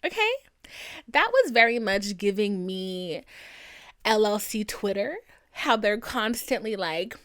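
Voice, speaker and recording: Animated, profane young woman podcaster. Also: medium pitch, slow pace. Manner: animated, blunt and profane, with frequent "like" fillers. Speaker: podcast host. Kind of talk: casual solo podcast rant.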